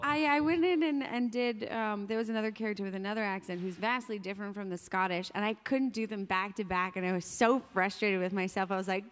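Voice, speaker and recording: A woman's voice: mid-range voice, fast talker, few pauses, clean tone. A woman voice actor chatting on a convention panel, self-deprecating and casual.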